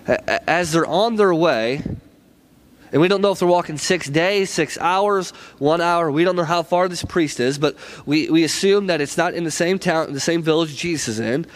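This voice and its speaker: A man's voice: on the high side, moderate pace. A man preaching a sermon in a conversational, storytelling way, often checking in with "right?".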